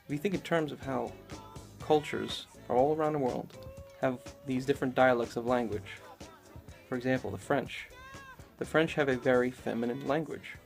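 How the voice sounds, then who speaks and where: A man's voice: mid-range voice, moderate pace, gravelly, faint music behind. A man giving a casual, rambling spoken lecture, talking loosely with lots of fillers. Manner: rambling, conversational, many fillers. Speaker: esoteric lecturer.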